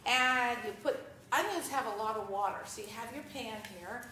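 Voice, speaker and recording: Lively woman lecturing to a crowd, highish bright voice, roomy echo, a bit of hiss. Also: moderate pace. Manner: lively, conversational, addresses audience directly. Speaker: guest speaker answering audience questions. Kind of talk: live presentation with Q&A. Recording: echoey room, mic far off, faint noise.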